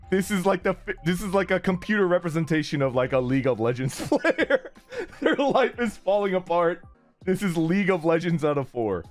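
A man's voice: high-pitched, lively intonation, normal speed, soft background music. A man chatting casually as a streamer, rambling with lots of fillers and frequent laughter. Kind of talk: casual chat.

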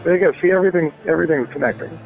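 A man's voice: fairly high pitch, rapid-fire, creaky. Man, musician guest, casual interview chat, rambling, many fillers, tinny phone line, faint music behind.

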